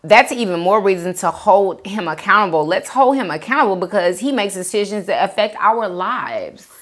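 A mukbang host chats casually while eating, reading viewer comments aloud and gushing with thanks. Her voice is lively and mid-range, at a normal speed.

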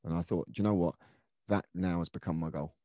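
An earnest middle-aged man recalls his playing days in a relaxed interview, pausing and restarting as he goes. His voice sits very low and mellow, recorded close and dry with no room sound. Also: dry recording. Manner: earnest, reflective, many restarts and fillers. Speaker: former footballer, podcast guest. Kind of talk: conversational storytelling interview.

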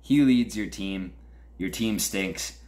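A man's voice: fairly low pitch, takes it slowly, a little mellow. A young man with a Western New York accent hosts a podcast, trash-talking his fantasy football league in a crude, mock-angry rant. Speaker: podcast host.

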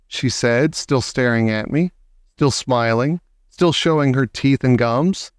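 A man narrates a children's novel in a measured, dramatic storytelling manner. His voice is smooth and resonant at a middle pitch. The recording is close and dry, with no room sound. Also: no echo. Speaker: audiobook reader. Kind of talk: scripted narration.

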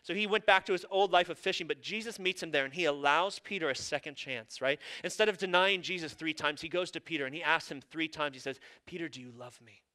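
A man's voice: on the high side, quick pace, hardly any pauses, bright, forceful tone, clean tone. A male pastor preaching a sermon in an earnest, conversational way, with casual asides.

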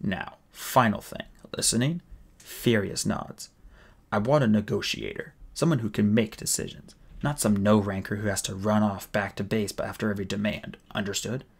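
A man's voice: lowish voice, fairly even intonation, moderate pace, gravelly, slightly rough. A man voicing a huge male bodyguard, blunt and commanding, as he reads an audiobook. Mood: menacing. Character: huge menacing male bodyguard, calm and threatening.

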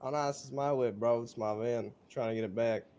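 A man's voice: medium pitch, steady tone, fairly quick, a little mellow, a little hiss or hum. A man chatting casually during in-game roleplay, laid-back and laughing often. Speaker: roleplay streamer. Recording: background music over the voice.

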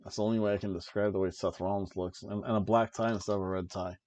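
A man co-hosting a podcast, casually recapping a wrestling show in an excited play-by-play way with jokey asides. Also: lowish voice, fast. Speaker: podcast co-host.

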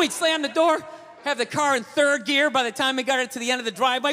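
A man's voice: very high-pitched, steady tone, fast talker, sharp tone, long reverb tail, a little hiss or hum. A man doing stand-up comedy on a stage, ranting profanely with rhetorical asides.

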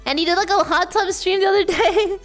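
A young woman streaming live, chatting casually with her viewers and often breaking into shrieking shouts and laughter. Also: very high voice, steady tone, a little fast, soft background music. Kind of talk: casual livestream chat.

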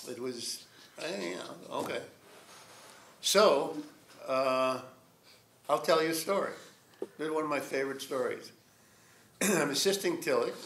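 A man's voice: on the high side, a bit bright, slight background noise. Older man lecturing in an echoey room. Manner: rambling, reflective, chuckles often. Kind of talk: storytelling lecture.

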